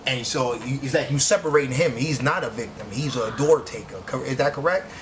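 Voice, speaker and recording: A man with a New York accent giving casual spoken commentary, halting often with restarts and fillers. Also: mid-range voice, a crowd in the background, poor audio. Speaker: commentary host.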